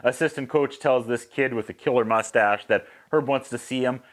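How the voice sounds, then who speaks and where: A man from Canada, casually recapping a movie as a reviewer, lively and mimicking sound effects. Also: mid-range voice, moderate pace. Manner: animated, mimics whistles and acts out quotes.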